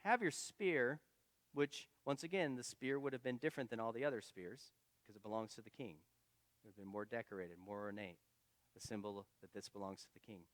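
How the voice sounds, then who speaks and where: A male pastor retelling a story in a casual, animated, conversational sermon. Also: on the low side, fairly quick, dry recording, long reverb tail.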